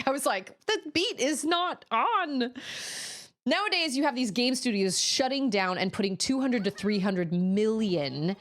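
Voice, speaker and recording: A young woman live-streams a game and chats loosely with her viewers, jumping between stories and reactions to the screen. Her voice sits at a middle pitch, and game music plays faintly underneath. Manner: chatty and animated, reacting to chat and gameplay. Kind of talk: casual live-stream chat while gaming.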